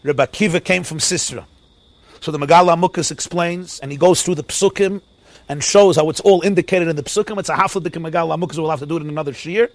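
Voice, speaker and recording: A man giving an animated, sing-song Torah lecture. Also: on the high side, quick pace, no echo. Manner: animated, sing-song preaching with Yiddish and Hebrew terms. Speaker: rabbi teaching a Torah class.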